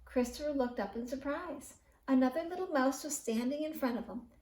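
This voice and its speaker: A woman reading a children's bedtime story aloud in an expressive storyteller's manner. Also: high-pitched, far from the mic. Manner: slow, expressive read-aloud. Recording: roomy echo.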